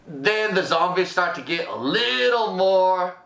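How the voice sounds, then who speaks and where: A man doing a brash, self-crowned barbecue king who reviews movies in loose slang, dropping verb endings and squealing as he acts out scenes. His voice is bright and pushed, a bit high for a man, and it rings around an echoey room. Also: measured pace, gravelly, full character voice. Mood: hyped. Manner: slangy, animated, drops verb endings, breaks into excited squeals acting out scenes. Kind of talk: comic in-character movie review.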